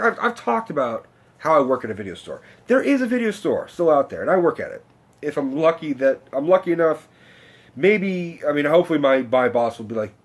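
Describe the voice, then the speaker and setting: Rambling, profane young man vlogging. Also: medium pitch. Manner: rambling, profane, self-interrupting. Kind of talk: rambling personal vlog.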